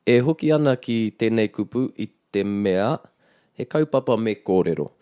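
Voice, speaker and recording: A man hosting a bilingual language lesson, explaining in a measured way with small restarts. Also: on the low side, expressive, warm tone, smooth, no room sound, clean studio sound. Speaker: te reo Māori teacher and podcast host.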